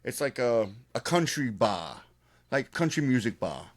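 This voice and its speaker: Boston man in his fifties, podcast co-host, cursing storyteller, middle pitch. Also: a little slow. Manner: profane, animated storyteller, frequent restarts. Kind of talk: casual chat, storytelling.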